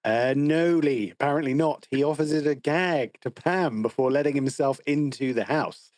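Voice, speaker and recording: A man's voice: on the high side, normal speed, darkish tone, dry recording. A man co-hosting a film podcast, recapping the plot in a wry, teasing way. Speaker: podcast co-host. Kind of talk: casual film discussion.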